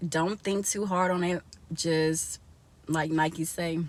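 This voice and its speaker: A woman's voice: low-pitched, fairly even intonation, slow. A young woman vlogging casually from inside a car, chatty and laughing often as she talks to her viewers.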